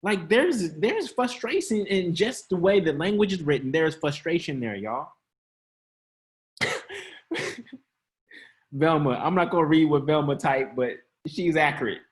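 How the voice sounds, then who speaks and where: An animated man with a fairly high voice preaches to an online congregation a little slowly, pausing often. His delivery is chatty, with frequent laughter and calls out to his audience.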